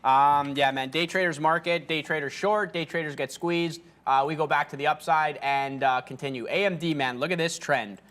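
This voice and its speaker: A man's voice: a little high, fairly even intonation, normal speed, hardly any pauses, fairly bright tone. A man co-hosting a live day-trading stream in a studio, giving loose market commentary full of fillers. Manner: rambling, trails off with fillers. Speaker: day trader co-host.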